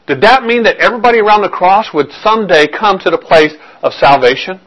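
A man's voice: high-pitched, animated, brisk, few pauses, a bit bright, poor audio. Earnest man preaching a sermon. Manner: earnest, questioning, repeats words and restarts. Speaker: pastor.

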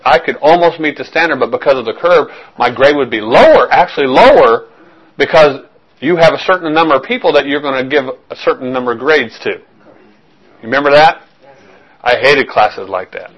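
A man's voice: mid-range voice, fairly bright tone, breathy edge, rough recording. A man preaching a verse-by-verse sermon in a conversational way, often checking in with his listeners and repeating phrases as he works through a point. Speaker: pastor.

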